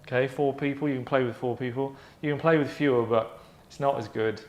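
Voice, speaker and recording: This man's mid-range voice is steady in tone and fairly quick as he hosts his own show from an echoey room. Presenting a game idea he came up with, he rambles casually through the monologue, adding asides and correcting himself.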